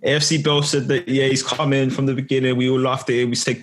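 A man hosting a casual football podcast, bantering with friends and repeating his points for effect. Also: medium pitch. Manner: relaxed, bantering, drawn-out repeats. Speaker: podcast host.

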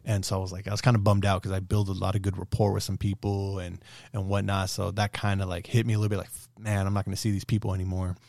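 A man's voice: deep voice, little pitch movement, fast, vocal fry, darkish tone, no echo, studio quality. A man in his thirties hosting a podcast, chatting casually with a friend, laid-back, swearing a lot and laughing often. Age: 30s. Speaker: podcast host. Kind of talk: casual chat.

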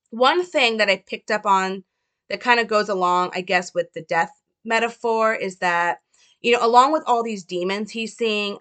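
A woman's voice: medium pitch, fairly bright tone. A young woman talking casually as she analyzes a film, chatty and hedging. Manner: chatty, hedging, full of fillers. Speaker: film commentator.

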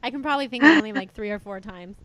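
A young woman hosting a podcast, chatting excitedly and exaggerating for effect. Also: on the high side, very fast, no echo, low-quality recording. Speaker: podcast host. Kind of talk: casual chat.

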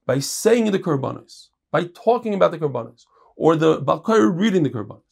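Man, casual Talmud teacher, gravelly voice. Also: a little high, big pitch swings, a little mellow. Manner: reads quick Aramaic passages, then explains them in casual English. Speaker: Torah teacher. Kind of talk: Talmud class.

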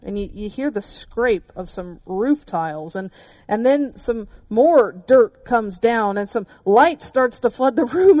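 A woman's voice: on the high side, animated, unhurried, darkish tone, no room sound. A woman pastor preaching a sermon, telling the story vividly and speaking directly to her listeners.

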